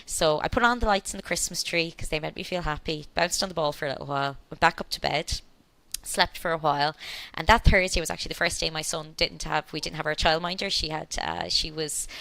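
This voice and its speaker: Bright-voiced woman telling her story. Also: low voice, lively intonation, a little fast, gravelly, dry recording, low-quality recording. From Ireland. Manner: chatty, laughs often, acts out quoted speech. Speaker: podcast guest. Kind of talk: storytelling in a casual interview.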